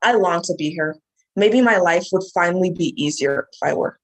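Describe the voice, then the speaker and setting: A woman's voice: on the low side, normal speed, rough recording. A woman reading a reflective first-person prose passage aloud. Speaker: student performer.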